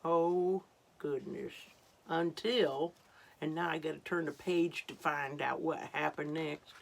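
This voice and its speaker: A woman reading a picture book aloud to children, with gentle exclamatory asides. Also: sits low, measured pace, vocal fry. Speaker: storytime reader.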